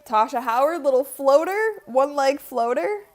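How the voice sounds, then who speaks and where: A woman's voice: sits high, expressive, unhurried. A woman hosting a live-streamed basketball watch party, chatting casually and giggling as she comments and talks to her viewers.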